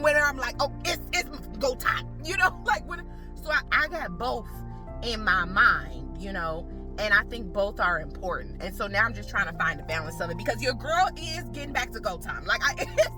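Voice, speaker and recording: Chatty laughing woman vlogger. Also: medium pitch. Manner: chatty, laughs often, slangy asides. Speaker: lifestyle vlogger. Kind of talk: casual vlog talk to camera.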